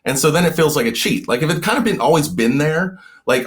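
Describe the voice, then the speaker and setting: A man, a novelist guest on a podcast, talking in casual conversation, stammering and repeating words in bursts with a lively rise and fall. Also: quick pace. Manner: animated, swinging pitch up and down.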